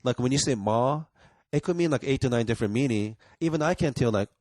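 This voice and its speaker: A man talks bluntly and earnestly, swearing freely as a podcast guest. His voice sits at an ordinary middle pitch and sounds close and dry, with no room around it. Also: fast talker, a little mellow, no echo. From Japan. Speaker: guest comedian. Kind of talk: casual podcast chat.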